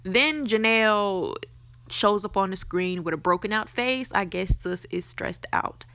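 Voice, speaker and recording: A woman's voice: medium pitch, measured pace, fairly bright tone, no room sound. A woman hosting a casual TV recap, blunt and opinionated, talking in a gossipy way. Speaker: podcast host.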